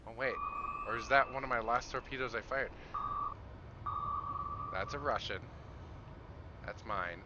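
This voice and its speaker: A man's voice: medium pitch, moderate pace, long pauses, dull audio, heavy background noise. A man streaming a game live, commenting casually as he plays, chatting to viewers and chuckling often. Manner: chuckles often, chats to viewers while playing.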